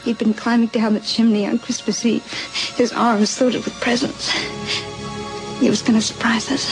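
An actress playing a young woman flatly telling a grim childhood story in film dialogue, with a score behind. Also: fairly high pitch, normal speed, music in the background, lightly acted, rough recording. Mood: deadpan.

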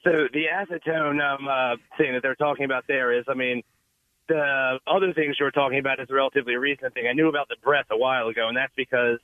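A man calling in to explain a diet, calm and explanatory, a little hoarse from a cold, heard over a phone line. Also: medium pitch, fast talker, no room sound. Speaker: caller, keto specialist.

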